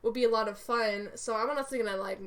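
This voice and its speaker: A woman's voice: a little high, fast talker, fairly bright tone. A young woman co-hosting a podcast, chatting casually about her role-play characters in a rambling, giggly way with many fillers. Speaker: podcast co-host.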